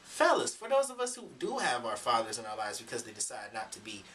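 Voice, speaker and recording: A man's voice: mid-range voice, wildly swooping pitch, fast talker, fairly bright tone, far from the mic, a little hiss or hum. A young man ranting emphatically to his camera in a preachy, profane vlog monologue. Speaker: vlogger. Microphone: camera mic.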